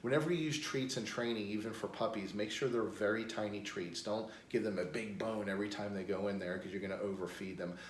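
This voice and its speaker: A man's voice: fairly low pitch, fairly quick, hardly any pauses. An American man working as a dog trainer, plainly explaining crate training step by step and breaking into upbeat praise. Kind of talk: instructional demonstration. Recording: echoey room with faint noise.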